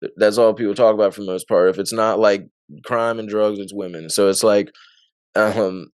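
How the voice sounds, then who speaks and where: In a clean studio with no echo, an interview guest with a fairly low, darkish, resonant voice shares his casual testimony at a moderate pace. His tone is steady and clear, though his storytelling is loose, filler-heavy, and broken up by frequent laughs.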